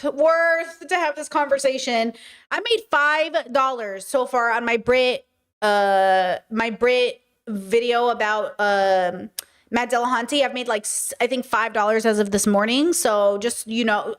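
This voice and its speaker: A young woman streaming, reacting to a music video in casual, incredulous chat full of laughs and sarcastic asides. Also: fairly high pitch.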